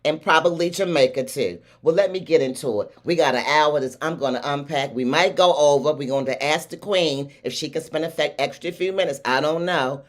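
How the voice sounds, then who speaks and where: Hosting a livestream talk show, a woman from Baltimore, USA, opens with an effusive, hyped intro for her audience in her Baltimore accent. Her voice sits low and moves fairly quickly, with hardly any pauses.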